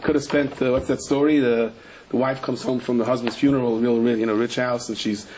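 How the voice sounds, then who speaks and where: A man teaching a Torah class as a rabbi, telling stories and jokes and swinging up into loud, high-pitched emphasis. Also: little pitch movement, a little fast, noisy background.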